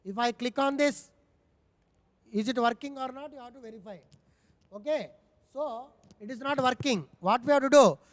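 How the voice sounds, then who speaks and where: A man with an Indian English accent and a very high voice walks through a coding tutorial step by step. He keeps repeating phrases and asks himself what to do next. His voice sits close and dry, yet a long reverb trails behind it. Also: normal speed, pauses often. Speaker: programming tutor. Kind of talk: screen-recorded coding tutorial.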